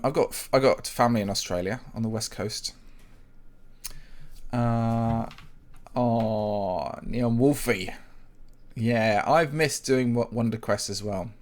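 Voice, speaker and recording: Chatty man live-streaming Minecraft. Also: mid-range voice. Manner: chatty and rambling, greets viewers by name, frequent ums. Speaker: livestream host, Minecraft map builder. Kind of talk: casual live-stream chat with viewers.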